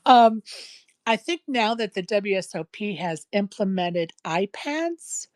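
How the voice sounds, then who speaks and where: A woman's voice: medium pitch, sing-song, measured pace, dry recording. A woman hosting a casual podcast chat, talking emphatically and repeating her points for stress, with a case of the hiccups. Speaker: podcast host.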